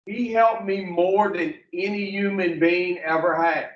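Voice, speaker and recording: A man's voice: sits high, steady tone, measured pace. Blunt, profane man teaching a class. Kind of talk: storytelling lesson to a class. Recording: roomy, distant, dull classroom audio.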